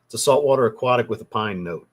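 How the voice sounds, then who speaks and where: Husky-voiced man joking on a livestream. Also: mid-range voice, fast. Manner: joking, teasing, blunt, swears casually. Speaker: livestream host reading viewer chat. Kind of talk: casual livestream chat.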